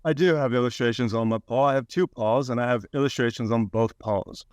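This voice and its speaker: Caller guest, male, giggly and deliberate, smooth dry voice. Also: medium pitch, no room sound. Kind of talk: comedy call-in chat.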